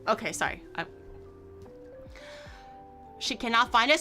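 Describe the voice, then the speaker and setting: Young woman, streamer, casual rambling chat, playful teasing, bright voice, faint background music. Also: medium pitch, expressive, moderate pace. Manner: rambling, playful, laughs often, teases chat.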